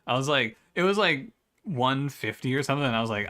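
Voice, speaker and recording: A man's voice: mid-range voice, expressive, fairly quick, pushed and bright. A man casually chatting with his stream chat while playing a strategy game, swearing freely and laughing as he talks. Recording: faint music behind the voice.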